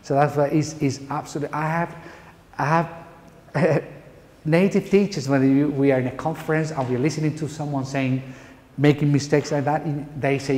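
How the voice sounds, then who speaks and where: Spanish-accented male pronunciation lecturer, mellow, slightly high voice, long hall reverb. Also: normal speed, a little hiss or hum. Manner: emphatic, playful lecturing with rhetorical questions. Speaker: pronunciation teacher. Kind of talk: lecture to university teachers.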